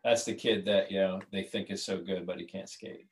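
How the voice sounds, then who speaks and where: A man's voice: sits low, fairly even intonation, moderate pace, a crowd in the background, rough recording. A man who is a writer and creator, talking as a podcast guest in a casual, rambling way with many restarts. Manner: rambling, restarts, laughs at his own jokes.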